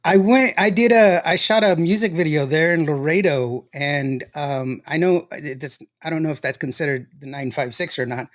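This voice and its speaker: A man's voice: fairly high pitch, moderate pace, hardly any pauses, a bit bright. A man hosting a casual show, chatty and laughing often as he tells stories. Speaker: show host. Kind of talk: casual livestream chat.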